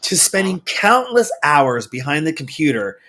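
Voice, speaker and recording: A man's voice: a little high, sing-song, normal speed, pushed and bright. A man hosting a casual interview, rambling and restarting with friendly asides. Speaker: show host. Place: remote video call studio.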